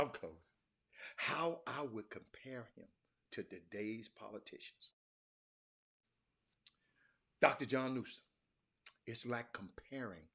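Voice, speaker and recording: This talk show host, a man with a lowish, slightly rough voice, chats casually on a livestream from his hotel room. He's a lively storyteller who restarts and repeats words, constantly calling out to viewers as y'all.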